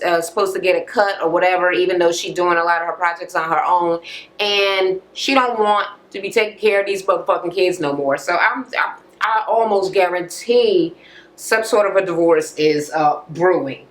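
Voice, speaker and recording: A woman's voice: lowish voice, a bit bright, rough recording. A woman vlogger recapping a reality TV episode in casual, blunt, profane talk, full of fillers and asides.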